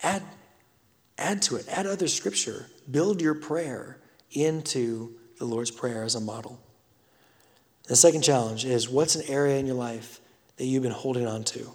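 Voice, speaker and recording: A pastor giving a sermon, telling a story with emphatic swells and hushed drops. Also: male voice, mid-range voice, a little slow, long reverb tail.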